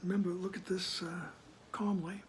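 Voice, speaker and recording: A man reading a spiritual text aloud with reflective commentary. He is soft-spoken, often sinks to a whisper, reads slowly and with emphasis, and keeps checking in with the listener. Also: high-pitched, little pitch movement, a little hiss or hum. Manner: slow, emphatic reading of passages. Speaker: spiritual text reader and teacher.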